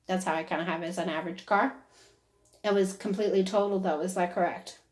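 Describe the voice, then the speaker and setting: A woman's voice: on the low side, steady tone, fast, a little hiss or hum. A woman giving a casual psychic reading who talks on and on and keeps checking "is that correct?". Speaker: psychic medium. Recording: roomy echo.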